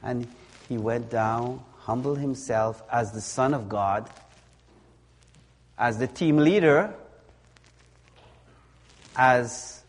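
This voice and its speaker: A man preaching a sermon in a slow, deliberate way, leaning on words through repetition. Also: mid-range voice. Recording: long hall reverb.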